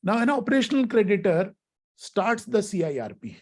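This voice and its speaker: A middle-aged man lecturing a workshop on law. His voice sits high for a man. He keeps checking in with his listeners, calls them friends and asks questions as he goes. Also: sing-song, normal speed, a little mellow. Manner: teacherly, asks questions, addresses audience as friends. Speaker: workshop speaker, lawyer.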